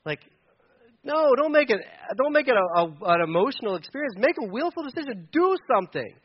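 A man's voice: extremely high pitch, very animated, brisk, breathy edge, highs cut off. A man in his thirties preaching a sermon as pastor, passionate and conversational, slipping into mocking voices to make his point.

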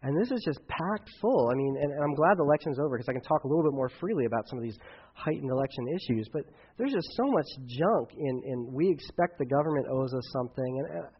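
A man preaching a sermon as pastor, emphatic, swinging between loud outbursts and quiet asides. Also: medium pitch, expressive, quick pace, slightly rough. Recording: dull lo-fi recording.

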